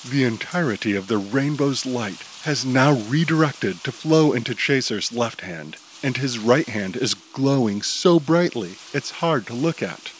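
A man narrating an audio drama in a steady, descriptive storytelling manner. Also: medium pitch, a little slow, few pauses, slight background noise, poor audio.

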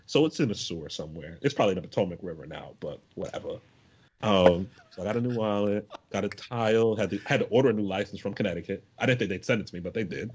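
A man's voice: on the low side, fast, breathy edge, highs cut off. A young man co-hosting a podcast, telling stories in a joking, slangy way. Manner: animated, joking, slangy storytelling. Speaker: podcast co-host. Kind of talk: casual chat.

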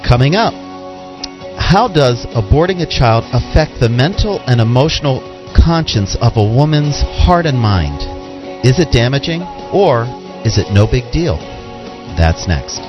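Lively male radio host over music. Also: mid-range voice, measured pace. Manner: polished, upbeat announcer delivery. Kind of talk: radio show announcing. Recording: slightly dull radio audio with music.

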